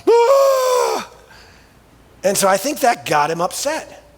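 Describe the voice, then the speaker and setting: A man's voice: high-pitched, sing-song, normal speed, a bit bright, big-room sound, slight background noise. A male pastor preaching a sermon in a casual, colloquial storytelling way, full of vivid everyday asides. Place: church sanctuary.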